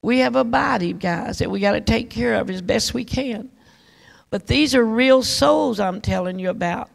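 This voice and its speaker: A woman's voice: on the high side, normal speed, gravelly. A woman preacher telling a testimony sermon in an emphatic, repetitive storytelling manner, addressing the congregation directly.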